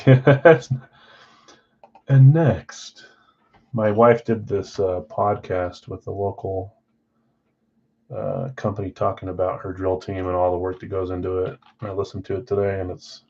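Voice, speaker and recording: A man hosting a live card-break stream in casual chat, rattling off names and teams, swinging between loud calls and quiet asides. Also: low voice, steady tone, measured pace, breathy edge, highs cut off.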